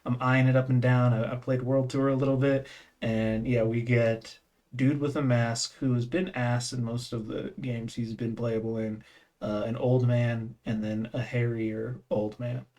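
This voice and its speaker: A man's voice: mid-range voice, level tone, unhurried, a little mellow. A man co-hosting a casual podcast, rambling and correcting himself, laughing often and swearing casually. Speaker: podcast co-host. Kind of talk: casual gaming podcast chat.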